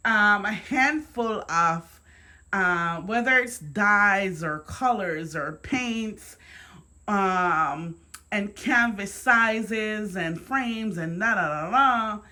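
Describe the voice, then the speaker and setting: A woman with a Jamaican accent and a medium-pitched voice chats casually to camera from her dining room as a home decor vlogger. She repeats words and breaks into excited exclamations.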